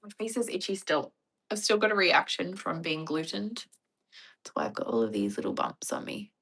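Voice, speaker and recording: Woman, Australian accent, young adult, casual livestream chat, wry, crisp bright tone, gravelly fry. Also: fairly low pitch, very animated, moderate pace. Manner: chatty, wry, mock-dramatic impressions.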